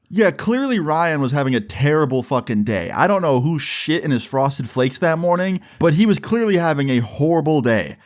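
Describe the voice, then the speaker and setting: A man's voice: a little high, very animated, normal speed, hardly any pauses. A young man casually telling a personal story for his vlog, loose and chatty with lots of filler words and swearing. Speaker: storyteller vlogger.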